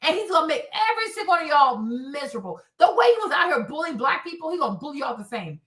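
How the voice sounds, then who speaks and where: A woman's voice: sits high, very animated, fast, fairly bright tone. A woman hosting a commentary show, talking heatedly and bluntly, cursing and repeating lines for emphasis. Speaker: host. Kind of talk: casual commentary. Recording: echoey room.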